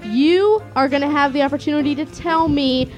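Giggly gal hosting a movie quote game with friends, high voice, faint music behind. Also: female voice, moderate pace, a little mellow. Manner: giggly, reads quotes aloud. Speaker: quiz reader at a game among friends. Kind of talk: casual party game.

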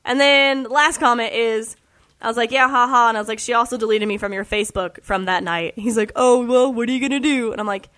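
A young woman talks quickly and animatedly, her slightly high voice running on in casual chat. She fills her story with "like" and quoted back-and-forth. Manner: chatty, animated, many "like"s.

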